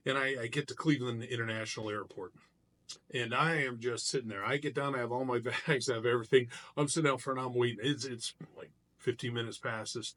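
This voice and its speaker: Animated middle-aged man telling a story. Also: medium pitch. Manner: animated storyteller, loose and conversational with restarts. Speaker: martial artist telling a personal story. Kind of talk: casual storytelling vlog.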